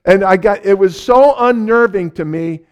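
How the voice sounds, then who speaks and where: A middle-aged man preaching a sermon, telling a personal story with lively repetition for emphasis. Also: sits high, normal speed, smooth. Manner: animated storyteller, repeats phrases for emphasis; ends in a quiet closing prayer. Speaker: pastor.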